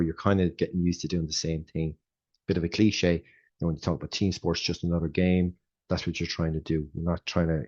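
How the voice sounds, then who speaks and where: Deep, husky Irish man, rambling. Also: a little mellow, muffled recording. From Ireland. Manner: rambling storyteller who restarts often and acts out quotes. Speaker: athletics coach. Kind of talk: casual interview.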